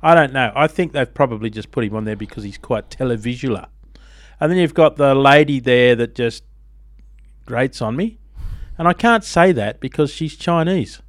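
A man's voice: mid-range voice, expressive, moderate pace, no echo, clean studio sound. A man hosting a breakfast radio show, bantering and ranting in mock outrage. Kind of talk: casual on-air banter. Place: radio studio. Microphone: studio microphone.

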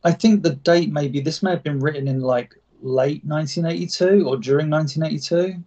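A man's voice: fairly high pitch, brisk, warm tone. A man casually chatting and reading an old script aloud, stumbling over words and laughing at his own slips. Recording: dull lo-fi sound.

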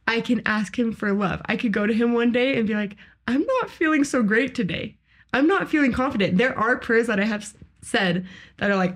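A young woman co-hosting a podcast, sharing faith in an earnest, heartfelt casual chat full of "like" fillers. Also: on the high side. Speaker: podcast co-host.

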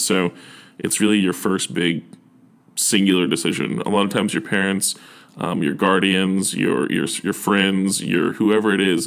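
A young man speaks as a university admissions officer in an easygoing, encouraging talk. His voice sits low with a gravelly fry, and he stumbles over restarts and fillers as he speaks earnestly. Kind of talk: casual advice talk.

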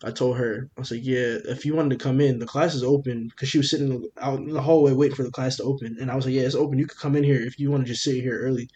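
A young man, a podcast co-host, telling a story in casual chat, animated and profane, acting out what everyone said. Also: medium pitch, lo-fi sound, slight background noise. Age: young adult. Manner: animated, profane, rapid retelling with quoted dialogue.

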